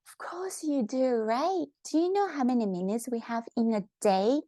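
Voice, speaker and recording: A woman's voice: on the high side, expressive, normal speed, mellow, no room sound, studio quality. A woman teaching a language lesson online, upbeat and coaxing, often asking the viewer questions.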